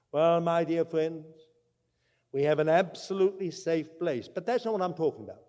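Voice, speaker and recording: A man preaching a sermon, emphatic, swinging from loud declarations to quiet asides. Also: fairly high pitch, moderate pace, long reverb tail.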